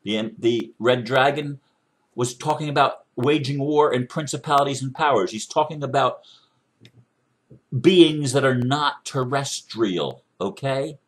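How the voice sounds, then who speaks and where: A man's voice: medium pitch, a little slow. A man giving an impassioned commentary monologue, emphatic and preachy, driving his points home with rhetorical questions. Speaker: commentator responding to another speaker.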